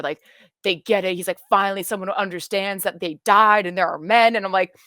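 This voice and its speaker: Woman, mid pitch, chatty guest reacting to a series, rambles excitedly, dry close-miked sound. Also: fairly quick, no echo. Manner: rambling and excitable, many fillers and restarts. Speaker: guest watching a series for the first time. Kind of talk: casual chat.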